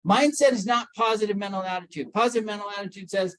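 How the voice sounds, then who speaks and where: This workplace wellness speaker has a high, fairly bright voice and talks fast with hardly any pauses, though the audio is poor. Speaking to employees about mental health, he poses questions, calls on people by name, and hammers home his main points through repetition.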